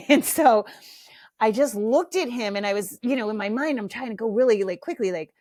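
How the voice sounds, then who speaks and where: Brief: middle-aged woman, podcast host, casual comic storyteller, animated and self-mocking. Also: medium pitch, a little fast.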